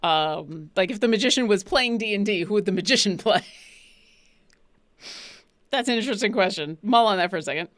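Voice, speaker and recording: A woman's voice: medium pitch, expressive, brisk, long pauses, fairly bright tone, no echo. A woman co-hosting a casual show chat, rambling with restarts and often giggling. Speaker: podcast co-host.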